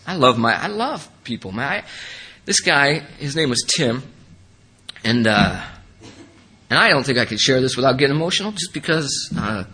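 A man giving an earnest, emotional personal testimony as a speaker at a recovery meeting. He rambles with many restarts and his voice drops low in the sad parts. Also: very animated, moderate pace, bright, forceful tone, husky, poor audio.

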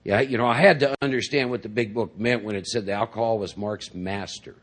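Speaking to a large crowd at a recovery meeting, a middle-aged man tells his story in a rambling way, peppered with "you know" and "see?" His voice sits on the low side, steady and brisk, with a fairly bright tone.

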